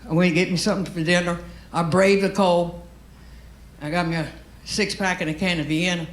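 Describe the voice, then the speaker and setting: A woman's voice: on the low side, steady tone, a little fast, slight background noise. A woman from Louisiana with a Cajun Southern accent, telling a brash, profane stand-up story on stage. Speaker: stand-up comedian. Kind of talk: stand-up comedy set. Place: comedy stage with live audience. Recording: roomy live venue with faint ambience.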